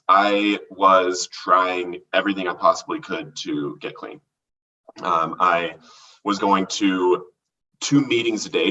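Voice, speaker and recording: A man recounting his recovery from addiction as a podcast guest, earnest and halting, with many restarts. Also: low-pitched, sharp tone, far from the mic, muffled recording. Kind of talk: candid testimony in a podcast conversation.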